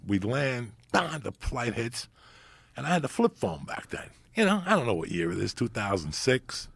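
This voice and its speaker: A middle-aged man hosting a podcast, telling profane, animated stories in casual chat. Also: medium pitch, a little fast, vocal fry, husky, no room sound. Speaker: podcast host. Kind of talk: storytelling chat.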